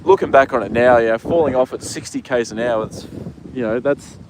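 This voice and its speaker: A man's voice: mid-range voice, a little fast. Laid-back guy telling stories. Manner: relaxed rambling storytelling with many fillers and swearing. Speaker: live streamer working in horse racing. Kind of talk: casual live-stream chat. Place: outdoors with horses in the wind. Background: faint wind noise.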